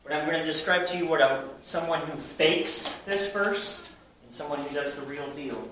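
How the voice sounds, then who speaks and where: A man preaching a sermon to a church audience, shifting between a hushed voice and loud bursts. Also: fairly high pitch, normal speed, slight background noise. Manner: animated preaching, drops to a hush then bursts loud. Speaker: pastor. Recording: very echoey hall, mic at a distance.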